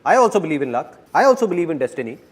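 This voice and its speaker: A man giving a motivational talk to a live audience, animated and playful, repeating his key lines. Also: a little high, racing, breathy edge. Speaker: motivational speaker.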